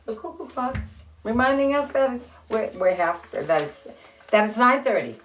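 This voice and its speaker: A middle-aged woman hosting a children's reading show, speaking gently and encouragingly to young kids as she reads a story and leads simple exercises. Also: fairly high pitch, animated, moderate pace, roomy sound, slight background noise. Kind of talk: reading aloud and leading kids' activities. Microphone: live-stream camera.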